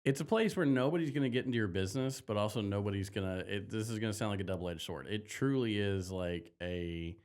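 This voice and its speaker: A man from Texas with a Texan accent, a guest comedian in casual podcast chat, telling stories with animated laughter. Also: on the low side, fast talker, few pauses.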